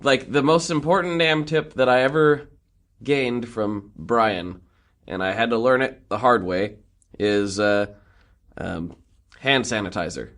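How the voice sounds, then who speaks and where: A man co-hosting a podcast, chatty and joking as he talks, quick to laugh. His voice sits at an average pitch for a man. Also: a bit bright. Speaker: podcast co-host. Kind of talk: casual chat.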